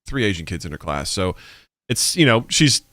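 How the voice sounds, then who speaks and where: A man co-hosting a podcast in casual chat, an animated storyteller who acts out family voices and swears freely. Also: deep voice, fairly quick, dry recording, studio quality. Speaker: podcast co-host.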